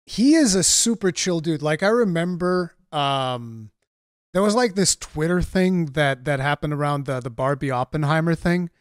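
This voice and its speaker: A man's voice: on the high side, normal speed, no room sound. Male podcast co-host, blunt and opinionated, dry close recording. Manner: blunt and opinionated, swears, gets animated. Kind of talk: casual chat.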